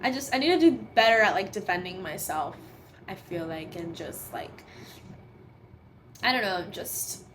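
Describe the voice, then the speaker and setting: A woman's voice: on the low side, lively intonation, moderate pace, long pauses, a bit bright, a little hiss or hum. A young adult woman chatting casually as a podcast guest, laughing often and full of fillers. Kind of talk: casual chat.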